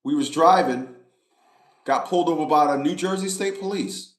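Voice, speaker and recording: A vlogger addresses his viewers directly in a casual monologue that is emphatic and repetitive, almost preacher-like. His voice is fairly high and moderately paced, recorded with a roomy echo.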